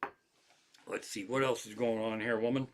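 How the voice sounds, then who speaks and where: This is a man with a mid-range voice and moderate delivery, a comedian streaming live from his armchair at home. His stories wander casually and come packed with animated, foul-mouthed swearing.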